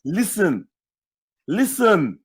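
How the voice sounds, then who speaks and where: A man from Nigeria with a notably high voice, arguing on a livestream. He repeats himself and keeps cutting in with "listen.". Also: very animated, drawn-out words, slightly rough. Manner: forceful, repeats words, cuts in with "listen". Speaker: livestream host. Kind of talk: heated livestream argument.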